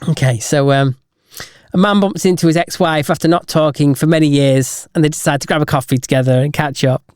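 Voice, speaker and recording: A man co-hosting a casual podcast, telling jokes deliberately and chuckling at his own punchlines. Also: on the high side, fairly even intonation, a little mellow, clear, resonant tone, dry recording, clean studio sound. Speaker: podcast co-host.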